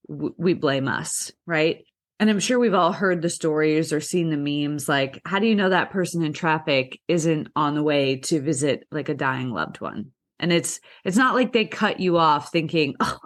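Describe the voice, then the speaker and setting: A young woman, a podcast guest, explaining things in an earnest, conversational way and acting out people's inner voices. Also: low-pitched.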